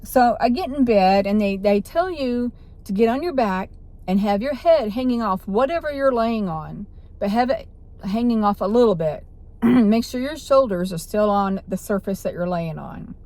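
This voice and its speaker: A woman's voice: mid-range voice, expressive, moderate pace, darkish tone. Woman, vlogger, personal storytelling, rambling, self-correcting.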